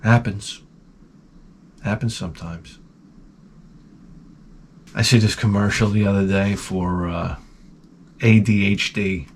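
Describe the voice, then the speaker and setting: A man's voice: on the low side, slow pace, long pauses, slight background noise. Rambling, crude man in his forties. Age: 40s. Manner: crude, rambling, self-mocking, jumps into loud animated retellings. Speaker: host. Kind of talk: casual rambling monologue.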